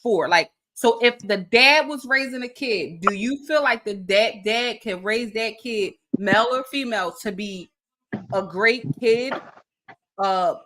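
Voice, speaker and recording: This woman hosts a casual online chat, speaking in with a bright, forceful tone. She talks with emphasis and keeps turning to her audience with direct questions. Her voice sits on the higher side. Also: a little slow. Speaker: host. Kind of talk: casual video-call chat.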